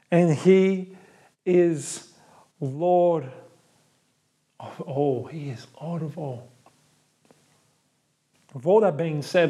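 A man's voice: on the high side, creaky, darkish tone. A man preaching a sermon as pastor, earnest and building to fervent, emphatic lists.

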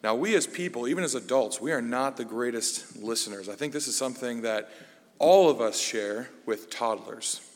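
A man's voice: medium pitch, moderate pace. Male preacher, easygoing and self-deprecating, mid-range voice, recorded with long hall echo. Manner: self-deprecating storyteller, relaxed and conversational. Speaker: Bible study teacher. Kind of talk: conversational sermon.

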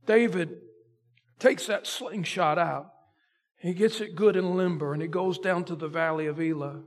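A male pastor preaching a sermon, retelling a story dramatically and swinging between loud emphasis and a near hush. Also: fairly high pitch, moderate pace.

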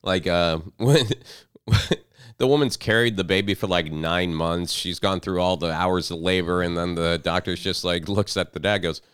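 A man in his thirties co-hosting a casual podcast, joking and slipping into loud mocking impressions. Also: low-pitched, fairly even intonation, normal speed, smooth, dry recording, clean studio sound. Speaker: podcast co-host. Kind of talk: casual banter.

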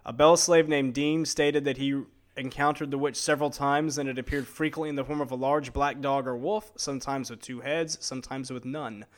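A man co-hosting a casual podcast, reading out old legends from his notes in a chatty way, with fillers and quick asides. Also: mid-range voice, fairly even intonation. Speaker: podcast co-host telling the stories.

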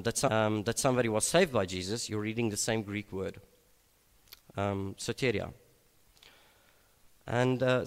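A man with a lowish voice preaches a sermon at an evening gathering, unhurried and reflective, hesitating and restarting often. The recording carries the long reverb of a large hall.

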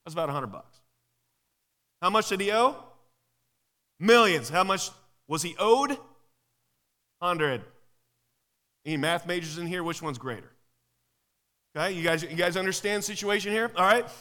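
A man preaches a live sermon in a casual, lively way, firing rhetorical questions at the congregation. His high voice moves at a moderate pace with long pauses, and a long hall reverb surrounds it.

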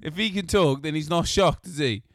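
A man's voice: on the high side, normal speed, no echo, studio quality. A man hosting a podcast, chatting casually, teasing his co-host, swearing and laughing often. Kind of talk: casual chat.

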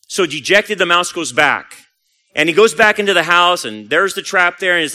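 A man's voice: sits high, animated, normal speed, sharp tone. A man preaching a sermon as a pastor, telling a story animatedly and acting out the voices.

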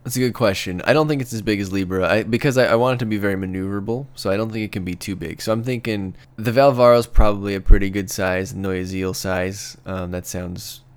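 A man with a very low, smooth and clear voice co-hosting a casual podcast. He explains his ideas at length with easy enthusiasm, in a relaxed conversational tone. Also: fairly quick, hardly any pauses. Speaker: co-host.

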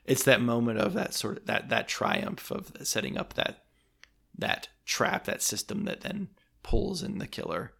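A man's voice: mid-range voice, sing-song, a little slow, creaky, sharp tone, slightly rough. A man hosting a podcast, discussing a book with enthusiasm and then wrapping up the episode and announcing the next one. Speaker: podcast host.

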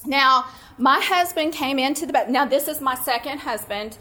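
A middle-aged woman leading a women's conference breakout, teaching from scripture through a personal story told with animated, self-mocking humor. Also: high-pitched, moderate pace. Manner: warm, animated storytelling, laughing at herself.

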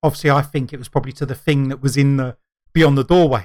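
A middle-aged man in casual chat as a podcast co-host, talking in a rambling, halting way full of fillers and restarts. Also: mid-range voice, fairly even intonation, darkish tone.

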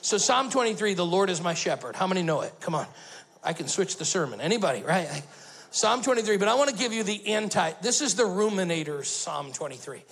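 Gravelly-voiced man preaching a sermon. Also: high voice, big pitch swings, fairly quick, rough recording. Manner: storytelling, rising to loud emphatic bursts. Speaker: lead pastor.

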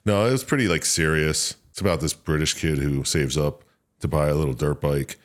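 A man with an extremely low, deep voice chats on a gaming podcast. He is laid-back, swears casually and laughs a lot between stories. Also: a little fast. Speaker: podcast co-host. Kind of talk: casual chat.

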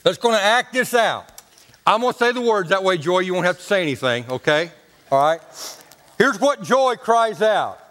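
A man's voice: high-pitched, animated, moderate pace, fairly bright tone, big-room sound. A man preaching a sermon in a homespun, colloquial way, telling stories and talking to the congregation. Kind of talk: folksy storytelling sermon.

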